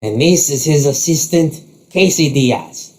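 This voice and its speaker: A man's voice: a little high, animated, darkish tone, pitched above the performer's own voice. A man voicing a flamboyant, showy male challenger who speaks theatrically and stretches his words. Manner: theatrical, drawn-out.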